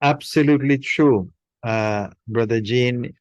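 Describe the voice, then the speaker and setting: A man moderating a spiritual talk, calm and affirming in a measured way. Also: mid-range voice, dry recording.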